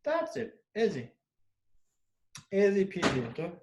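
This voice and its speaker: A man's voice: high voice, huge pitch swings, measured pace, noisy background. A man teaching a grammar lesson, repeating each example sentence with exaggerated intonation and checking in with frequent "okay?". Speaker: English teacher. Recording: echoey room.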